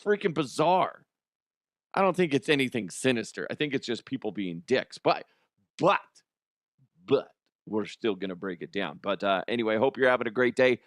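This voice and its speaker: A man hosting a casual comedy news podcast, crude and jokey, with quick put-on voices. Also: mid-range voice, animated, fairly bright tone, no room sound, clean studio sound. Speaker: podcast host.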